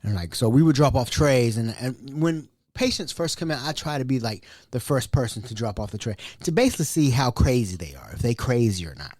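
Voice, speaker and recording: Brief: male chef spinning workplace tales, animated, colloquial, lively pitch. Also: brisk, hardly any pauses, dry recording, studio quality. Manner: animated, colloquial, laughing asides. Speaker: chef, storyteller. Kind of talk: casual anecdotal storytelling.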